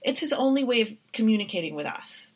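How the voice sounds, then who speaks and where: A middle-aged woman co-hosting a podcast, telling a personal story in a chatty, animated way with many fillers. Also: fairly high pitch, fast. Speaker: podcast co-host. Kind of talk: casual podcast chat.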